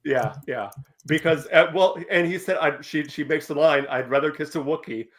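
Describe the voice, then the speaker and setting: A man's voice: on the high side, moderate pace, fairly bright tone. Hesitant man on a podcast. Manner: hesitant, searching for words. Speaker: podcast co-host. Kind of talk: casual podcast discussion.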